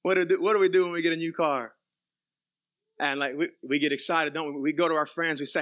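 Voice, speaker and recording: Guy preaching, young, high bright voice, goes from soft asides to big loud peaks. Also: fast. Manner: animated preaching, swings from quiet asides to loud emphatic peaks. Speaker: pastor. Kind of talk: sermon.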